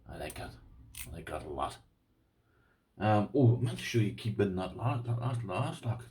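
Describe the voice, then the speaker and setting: A man with an Irish accent and a somewhat low voice talks casually to his viewers. He rambles with restarts and sounds chatty and appreciative as he looks over padlocks. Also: sing-song, moderate pace, noisy background. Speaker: lock-picking vlogger. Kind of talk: casual unboxing chat.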